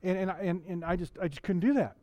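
Conversational pastor preaching, dry sound. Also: male voice, high voice, fast, dark tone, dry recording, highs cut off. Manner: conversational, asks the congregation questions, frequent restarts. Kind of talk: sermon. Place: church.

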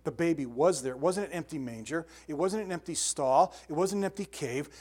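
Older man preaching, animated and chatty. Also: on the high side, a little fast, husky. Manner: animated storytelling with sound effects and asides. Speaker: pastor. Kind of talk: sermon.

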